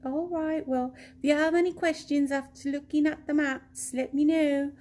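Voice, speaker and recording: Brief: woman doing a high, chirpy, friendly map lady, eager to help. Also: steady tone, moderate pace, darkish tone, close to an everyday voice. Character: chatty, friendly woman handing out airport maps.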